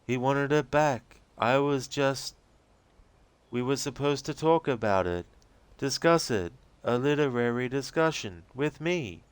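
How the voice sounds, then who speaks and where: A man's voice: medium pitch, clean tone, no room sound, voice pushed up, lightly acted. A man doing a sobbing, dazed young waitress. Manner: halting, tearful, slow and pleading. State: crying. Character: fragile, confused young waitress, tearful and dazed. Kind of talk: reading game transcripts aloud with voices.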